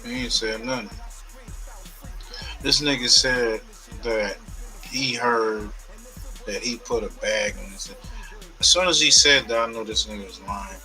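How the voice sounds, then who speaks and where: A male host with a very bright, sharp voice chats loosely about a story, full of slang and swearing. His pitch sits a little low. Music plays faintly underneath. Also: measured pace, long pauses, rough recording. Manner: loose, slangy, profane chat. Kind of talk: casual commentary.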